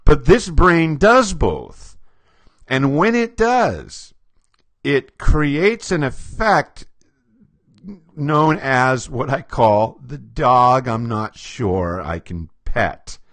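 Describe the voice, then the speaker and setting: A man's voice: mid-range voice, lively intonation, very slow, fairly bright tone, no echo. A man working as a behavior profiler who explains personality types with stories, acting out quotes and chuckling often. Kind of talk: storytelling explanation to camera.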